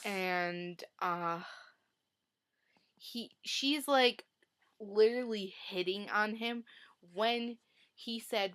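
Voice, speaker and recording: A woman's voice: medium pitch, extremely slow, long pauses, fairly bright tone. A woman talking casually about a book she read, retelling the plot with lots of "like" and strong feelings about the characters. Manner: chatty, heavy use of "like", emotional retelling. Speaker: book reviewer. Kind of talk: casual book review vlog.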